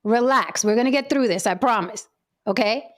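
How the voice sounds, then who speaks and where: Young woman panel host, firm, cuts through crosstalk, slightly high voice. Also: brisk, over a noisy crowd. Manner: firm, talks over interruptions to keep control. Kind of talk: heated panel discussion.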